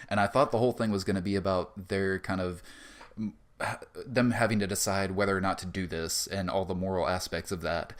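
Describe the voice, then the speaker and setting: A man with a lowish voice co-hosts a film review podcast. He talks in a relaxed, rambling way and swears casually as he goes. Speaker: podcast co-host.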